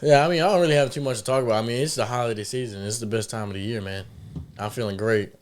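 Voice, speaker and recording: A man's voice: medium pitch, very fast, a little hiss or hum. A man co-hosting a casual podcast, easygoing and upbeat, often tacking "man" onto his lines. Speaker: podcast co-host. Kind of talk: casual chat.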